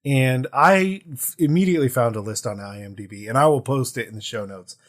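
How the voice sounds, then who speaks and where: A man's voice: mid-range voice, a little fast. A man co-hosting a tabletop gaming podcast in casual, playful chat. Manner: animated, playful storytelling. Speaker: podcast co-host.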